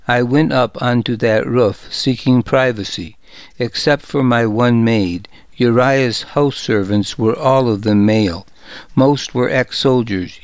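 A man's voice: mid-range voice, clear, resonant tone, no room sound, close to an everyday voice. A man reading a proud, wronged young queen.

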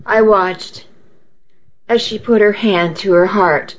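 A woman reading a first-person story aloud, unhurried and now and then correcting her slips aloud. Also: mid-range voice, lo-fi sound. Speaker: reader.

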